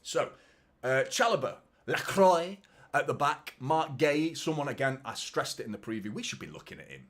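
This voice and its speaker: A man's voice: medium pitch, slightly rough. A man hosting a live football watchalong stream, chatting casually and swearing, talking straight to his viewers and reading out their messages.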